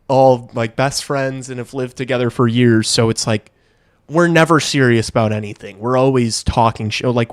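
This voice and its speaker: A man's voice: medium pitch, smooth, no echo, studio quality. A young man hosting a hockey livestream, rambling through stories and game reactions in casual chat, swearing and laughing easily. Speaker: livestream host.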